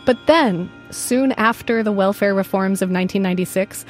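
Woman reporter narrating a news story, steady, music faint underneath. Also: medium pitch, moderate pace. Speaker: radio reporter. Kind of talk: scripted radio reporting.

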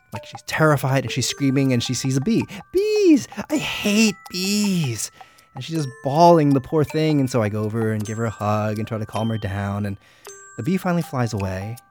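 A male radio host with a medium-pitched voice that swings widely up and down as he tells a story. He talks in a lively, animated way from a studio, with a faint music bed behind him. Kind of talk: radio food show hosting and storytelling.

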